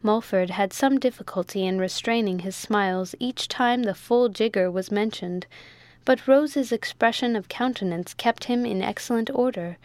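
A woman reading a classic novel aloud in a measured, clear and formal manner. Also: medium pitch, a little mellow, no echo. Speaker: narrator. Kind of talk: audiobook narration of a classic novel.

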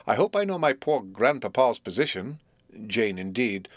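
A man voicing a haughty, imperious mother who scolds in a shrill, indignant tone. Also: big pitch swings, moderate pace, no echo, clean studio sound.

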